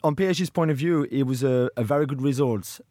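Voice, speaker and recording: A man from France talking football as a pundit on a podcast, relaxed, with slightly non-native phrasing. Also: medium pitch, fast talker, no room sound.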